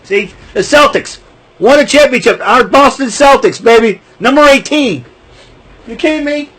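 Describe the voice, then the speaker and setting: Excitable high-voiced man ranting. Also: normal speed, husky, low-quality recording. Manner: excitable, jokey, rants then laughs. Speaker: vlogger. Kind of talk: casual rambling monologue.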